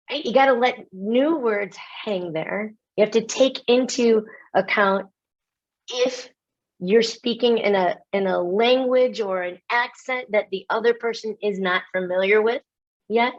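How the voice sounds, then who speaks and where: A woman from the United States giving a lively webinar talk as a keynote speaker, animated and self-mocking, with quick asides and laughs. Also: on the high side, dull audio.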